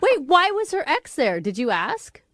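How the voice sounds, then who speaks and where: A woman co-hosting a radio show, firing off quick quips and nosy questions. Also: high-pitched, wildly swooping pitch, heavy background noise. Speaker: radio co-host. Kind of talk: morning radio banter.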